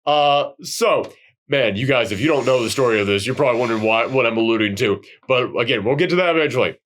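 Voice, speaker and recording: A man hosting a podcast, recapping a low-budget horror film in an excitable, rambling way and swearing freely. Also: fast. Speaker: podcast host. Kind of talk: casual film recap chat.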